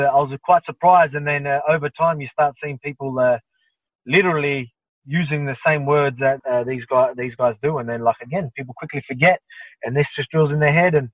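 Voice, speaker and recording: A man's voice: mid-range voice, dry recording. A man in his thirties with an Australian accent, answering interview questions over a video call in a fired-up, restless way, full of fillers and repeated words. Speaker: interview guest, fighter. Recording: tinny phone-like line, dry.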